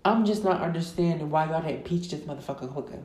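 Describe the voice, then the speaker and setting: A woman rants as a podcast host, loud and emphatic, swearing freely and stretching her words for stress. Her voice sits low and has a dark, mellow tone. The sound is roomy, with echo around her. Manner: loud, emphatic, heavy profanity, drawn-out stresses. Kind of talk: profane casual rant. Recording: echoey room.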